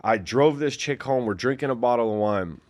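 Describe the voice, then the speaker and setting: With a mid-range voice and an even, moderate pace, a man in his forties who used to fight relates his past as a guest. He drifts casually from point to point, fills gaps with ums and likes, and mimics the people he quotes.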